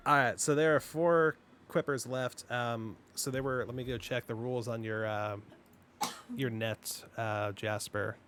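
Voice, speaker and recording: A man running a tabletop game as game master, explaining rules in a rambling way with lots of fillers and sudden fast bursts. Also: medium pitch, fairly even intonation, a bit bright, faint music behind.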